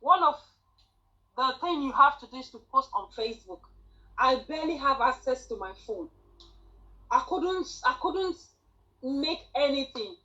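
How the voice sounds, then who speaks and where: A woman, a student nurse telling her story in an animated, chatty way on a group call. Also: sits high, moderate pace, pauses often, muffled recording. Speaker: student nurse sharing a testimony.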